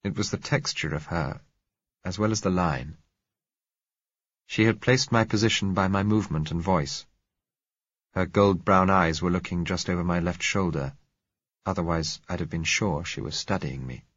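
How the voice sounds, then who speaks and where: A man narrating a novel in the first person, measured and reflective. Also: deep voice, a bit bright, slightly rough, dry recording, muffled recording. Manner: measured, reflective, rising in heated dialogue. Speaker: audiobook narrator.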